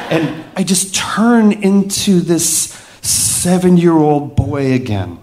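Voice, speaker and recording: A man telling a personal story vividly, with dramatic pauses and hushed moments. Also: on the high side, very animated, slight background noise.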